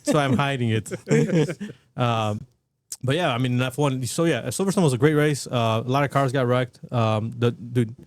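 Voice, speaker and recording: A man co-hosting a podcast who rambles through his thoughts, stopping and restarting sentences and tossing in casual slang. His voice sits at an ordinary pitch. The sound is dry, with little room in it. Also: normal speed, no room sound. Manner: rambling, restarts sentences, says dude a lot. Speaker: podcast co-host. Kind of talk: casual chat.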